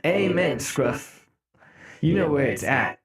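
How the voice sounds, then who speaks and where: A young man streaming live, chatting casually with his viewers, laughing often and breaking into mock-outraged shouts. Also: mid-range voice, expressive, a little slow. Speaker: music streamer. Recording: roomy echo.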